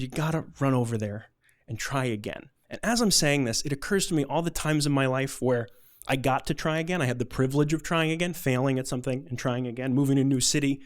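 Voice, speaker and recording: A man telling a personal story on stage in a casual, chatty way, full of "like" fillers. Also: medium pitch.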